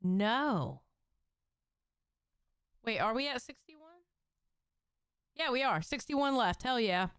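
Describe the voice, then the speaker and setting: Dosadna Amerykanka o wysokim, jasnym głosie. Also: female voice, a little high, animated, slow pace, pauses often, fairly bright tone, clear, resonant tone, dry recording, clean studio sound. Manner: blunt, profane, laughing. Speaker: co-host. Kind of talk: casual reaction commentary.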